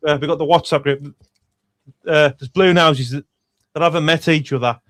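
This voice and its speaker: A man hosting a phone-in chat, excitable, affectionate and swearing freely. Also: fairly high pitch, moderate pace. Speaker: host. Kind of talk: casual chat.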